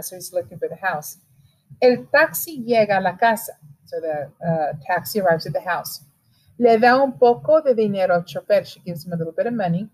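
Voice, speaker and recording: A woman's voice: mid-range voice, darkish tone, low-quality recording. A woman teacher reading a story aloud line by line and patiently explaining each line. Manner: patient, switching between reading and casual explaining. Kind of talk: reading a Spanish reader aloud with English explanations.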